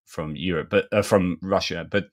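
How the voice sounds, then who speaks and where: Brief: male live-stream host, middle-aged, low-pitched, chatty and rambling. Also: steady tone, normal speed. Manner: chatty, rambling, many fillers and restarts. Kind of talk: live-stream news commentary.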